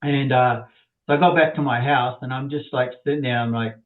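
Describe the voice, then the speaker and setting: A man's voice: mid-range voice, steady tone, a little fast, roomy sound. A middle-aged man telling a rambling personal story as an interview guest, repeating words as he goes. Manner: rambling, repeats words, acts out quoted people. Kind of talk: casual anecdotal storytelling. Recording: tinny phone-like line.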